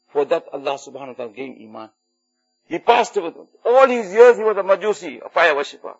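A man's voice: sits high, big pitch swings, fast talker, husky. A man preaching a sermon in earnest, repeating key phrases for emphasis. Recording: dull lo-fi recording with faint music.

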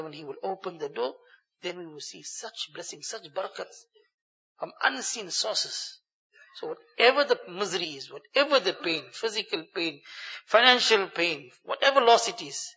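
A man's voice: high voice, sharp tone, long reverb tail, lo-fi sound. A male Islamic preacher giving an earnest Ramadan sermon, repeating phrases for stress and reciting Arabic verses.

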